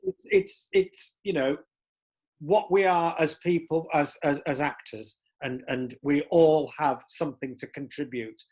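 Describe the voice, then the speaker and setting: A man in his fifties with a Hull accent, his voice a little higher than average. He chats easily over a video call and is quick to excuse himself after a swear word. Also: sing-song, a little mellow, breathy edge. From Hull, England. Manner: chatty, apologetic about swearing. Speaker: actor.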